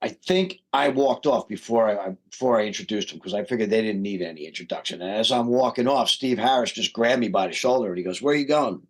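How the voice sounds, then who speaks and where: A middle-aged man, a rock singer guesting on a podcast, telling a story with lively acted-out quotes. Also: lowish voice, quick pace, hardly any pauses. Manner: animated storyteller who acts out quoted voices. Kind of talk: casual storytelling interview.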